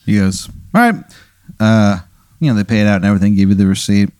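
A man's voice: fairly low pitch, flat delivery, fast talker, warm tone, smooth, no echo. A man hosting a casual podcast chat, telling a rambling hypothetical story with many fillers. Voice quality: meandering with many uhs and profanity. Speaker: podcast host posing a hypothetical.

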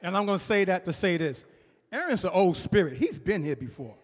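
A man's voice: high voice, sing-song, brisk, a little hiss or hum. A man leading a church service, praising the speaker and introducing a young man. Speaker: youth minister. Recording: reverberant church hall with crowd.

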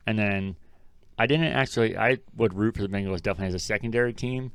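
A man's voice: lowish voice, fast, clear, resonant tone, no echo. A young man from Ohio co-hosting a casual sports podcast, laid-back and swearing often. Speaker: podcast co-host.

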